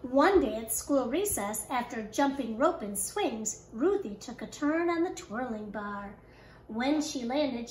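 A woman kindergarten teacher reading a picture book aloud with expressive, animated storytelling. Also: sits high. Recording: echoey room.

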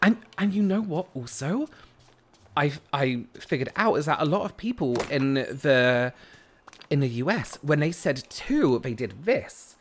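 A man's voice: on the high side, sing-song, a little slow, slight background noise. A man from the United Kingdom streaming a game, chatting casually and answering viewer comments as he plays. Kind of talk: casual live-stream chat.

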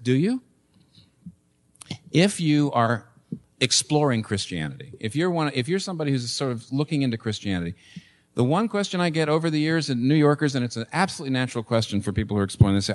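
A man in his sixties preaching a sermon as pastor, emphatic, with sudden rises and soft drops. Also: medium pitch, very animated, fast talker.

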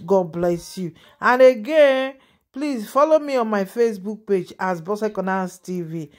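A woman with a Nigerian Pidgin accent hosting a gossip channel, rambling and animated, often asking her listeners if they understand. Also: medium pitch, unhurried. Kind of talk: casual gossip commentary.

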